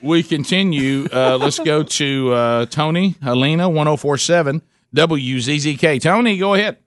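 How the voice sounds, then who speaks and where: A man's voice: fairly high pitch, dry recording, clean studio sound. A man with a Southern American accent hosting a call-in radio show in a jokey, easygoing way. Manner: jokey, easygoing, quick to laugh. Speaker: radio talk show host. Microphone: studio microphone.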